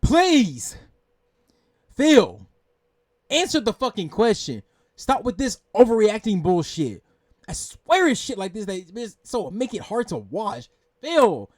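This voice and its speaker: A man's voice: high voice, darkish tone, no room sound, studio quality. A man hosting a reaction video, ranting in exasperation, swearing and repeating himself. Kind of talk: angry rant commentary.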